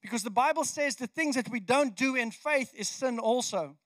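Male pastor, very high voice, chatty and animated sermon delivery, dry close sound. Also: moderate pace, dry recording. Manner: conversational, animated, frequent restarts.

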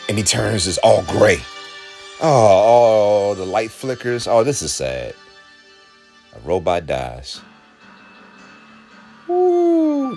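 Excitable man reacting to a film. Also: lowish voice. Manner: emotional, exclaiming, laughing often. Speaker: reaction video host.

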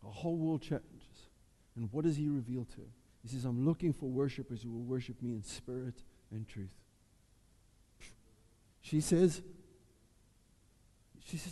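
Male pastor, dark mellow voice, animated sermon, reverberant hall. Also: medium pitch, moderate pace, long pauses. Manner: animated preaching, acting out Bible voices. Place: church.

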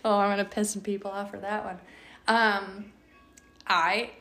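A young woman hosting a podcast, telling a story in a chatty, animated way with lots of fillers. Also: mid-range voice, unhurried, echoey room. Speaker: podcast host. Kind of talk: casual storytelling.

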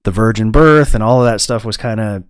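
A man hosting a podcast in casual chat, relaxed and conversational, given to laughing. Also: fairly low pitch, a little fast. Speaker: podcast host.

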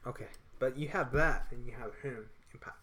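A man's voice: mid-range voice, a little fast, fairly bright tone. A man co-hosting a casual podcast, rambling loosely with frequent restarts. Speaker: podcast co-host. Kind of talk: casual chat.

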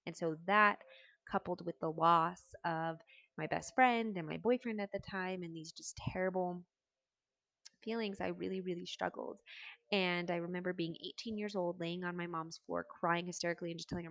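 A woman's voice: on the low side, steady tone, normal speed, a bit bright, dry recording. A woman in her twenties telling her personal story in a candid, earnest way, with casual fillers.

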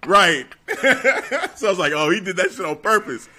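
Man, high lively voice, bright tone, casual chat. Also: normal speed. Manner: agreeing, reenacting lines. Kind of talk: casual wrestling recap chat.

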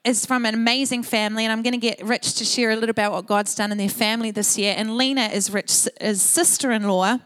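A woman's voice: fairly high pitch, fairly even intonation, quick pace, few pauses. A woman pastor introducing guests and asking questions in a church service, speaking with enthusiasm. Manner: enthusiastic, warm encouragement.

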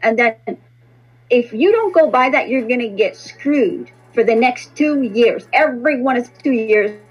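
A woman's voice: on the high side, lively intonation, measured pace, breathy edge, soft background music, low-quality recording. A woman reader and podcast host speaking in a blunt, repetitive, profane monologue. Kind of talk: casual spoken monologue.

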